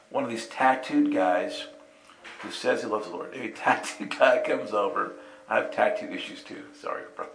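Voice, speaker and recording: A man telling a personal story in casual conversation, acting out the voices of the people in it, laughing often and checking in with "right?". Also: lowish voice. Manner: animated, acts out quotes with voices, laughs often, asks "right?". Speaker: storyteller recounting a personal experience. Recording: roomy echo.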